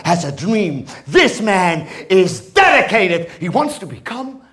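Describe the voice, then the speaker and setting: A man from the Netherlands with a Dutch accent, telling an absurd story on stage with halting, repeated words. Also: sits high. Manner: halting, stammering repetitions, deadpan absurd. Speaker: stand-up comedian. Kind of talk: stand-up storytelling.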